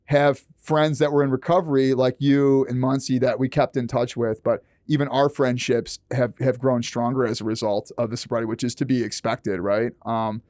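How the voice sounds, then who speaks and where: A man talking as a guest on a podcast, animated and swearing often as he acts out quoted lines. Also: medium pitch, moderate pace, hardly any pauses, no echo. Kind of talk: casual podcast chat.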